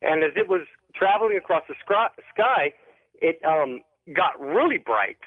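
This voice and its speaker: A man's fairly high voice comes through a narrow phone line as he calls in to a radio show. He rambles and hesitates often, filling gaps with ums and restarting sentences. The line sounds dry and close. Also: animated, measured pace, no echo. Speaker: caller. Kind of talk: telling a story on a radio call-in show.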